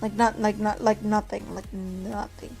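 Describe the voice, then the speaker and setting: A young woman vlogger telling a story in a casual, animated, profane way, acting out the people she quotes. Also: medium pitch, unhurried, vocal fry, soft background music.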